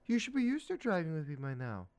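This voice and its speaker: A man's voice: fairly high pitch, wildly swooping pitch, fast, a little mellow, pitched above the performer's own voice. A man reading comics aloud, voicing a teenage girl who teases her nervous father from behind the wheel. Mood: teasing.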